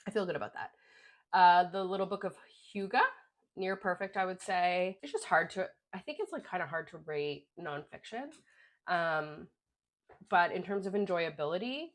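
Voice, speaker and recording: A woman's voice: fairly low pitch, a bit bright. Chatty young woman rambling about books. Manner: chatty, rambling with many "like" fillers. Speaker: book vlogger. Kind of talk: casual book review chat.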